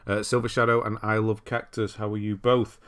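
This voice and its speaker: A man's voice: on the low side, flat delivery, a little fast, a bit bright, clean tone. Chatty British host greeting his stream viewers. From Britain. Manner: chatty, greets chat viewers by name, rambling. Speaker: livestream host. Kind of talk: casual livestream chat. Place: cold room at home.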